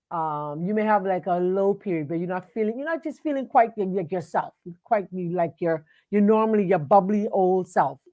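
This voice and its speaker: A woman's voice: medium pitch, darkish tone. A woman hosting a live online talk show, speaking casually with lots of fillers and restarts and greeting viewers by name. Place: home studio at a computer.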